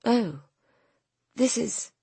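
A woman voicing a pampered, spoiled young woman in an audiobook, breathy and pouty. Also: extremely slow, dark tone, no echo. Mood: wistful. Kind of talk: audiobook character voice.

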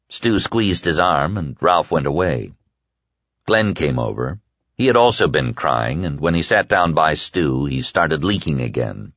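A man narrating an audiobook in a measured, expressive reading. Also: extremely low pitch, dry recording. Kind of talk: scripted narration. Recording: dull lo-fi dry recording.

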